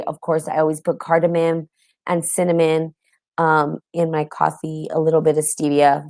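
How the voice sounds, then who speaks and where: A woman's voice: low voice, creaky, a little mellow, no echo, clean studio sound. A woman hosting a casual spiritual podcast, chatty and tired, with many ums and frequent laughs. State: tired, yawning. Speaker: podcast host. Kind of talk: casual spiritual talk with live audience.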